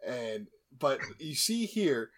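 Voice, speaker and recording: A man's voice: medium pitch, big pitch swings, slow, a little hiss or hum. Joking man recapping a movie. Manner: joking, rambling, many asides and restarts. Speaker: podcast host. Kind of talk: casual comedic movie recap.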